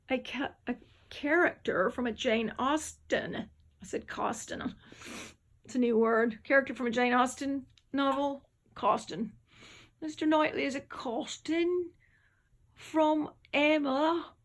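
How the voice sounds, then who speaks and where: A woman's voice: fairly high pitch, fairly even intonation, measured pace. A tired woman, just up from a nap, rambling chattily at home in a casual vlog. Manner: rambling, chatty, drifts between topics. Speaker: vlogger. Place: home, indoors.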